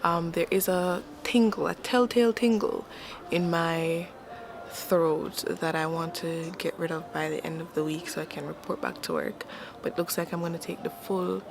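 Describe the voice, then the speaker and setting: A young woman talks into her own camera at home by a window, keeping a casual sick-day video diary. Her voice sits low and gravelly, stuffy and a little raspy from illness. She vents frankly, with some faint ambient hiss behind her. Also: fairly even intonation, normal speed. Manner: frank and exasperated, venting. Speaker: vlogger.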